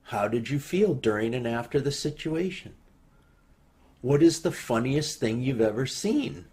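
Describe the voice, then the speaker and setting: A man calmly reading out a list of writing prompts to a congregation at home. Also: mid-range voice, measured pace.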